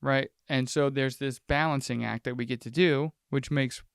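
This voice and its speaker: A man's voice: mid-range voice, steady tone, normal speed, gravelly, smooth, dry recording, studio quality. A man co-hosting a casual podcast chat with a friend, talking in a reflective, rambling way and acting out quoted lines. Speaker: podcast co-host.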